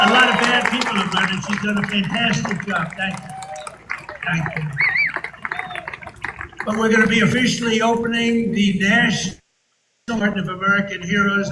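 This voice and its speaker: A man delivers a rambling, boastful rally speech full of mocking asides. His voice sits fairly high for a man and reaches the mic from a distance. The sound is roomy and echoing, with steady noise underneath. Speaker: political speaker addressing an audience. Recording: distant, echoey live feed with noise.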